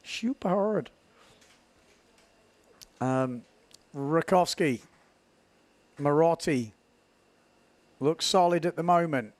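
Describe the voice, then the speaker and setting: A man giving live, chatty commentary on a windsurf race, building excitement at key moments. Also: a little high, takes it slowly, pauses often, no room sound.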